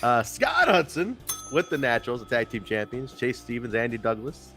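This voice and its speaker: Lively, rambling man chatting wrestling. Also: medium pitch, normal speed, soft background music. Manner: rambling, profane, laughs often. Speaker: podcast co-host. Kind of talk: casual wrestling review chat.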